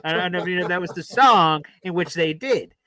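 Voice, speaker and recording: A man co-hosting a casual sports talk show, telling stories with animated acted-out reactions. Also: high voice, a little fast. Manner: animated storyteller, acts out his own reactions. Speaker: podcast co-host.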